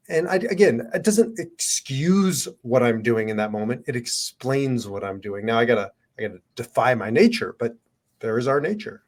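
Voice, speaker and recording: A man's voice: medium pitch, animated, moderate pace. A man co-hosting a podcast, talking in a reflective way as he explains ideas at an easy pace. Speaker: podcast co-host. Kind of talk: casual podcast conversation.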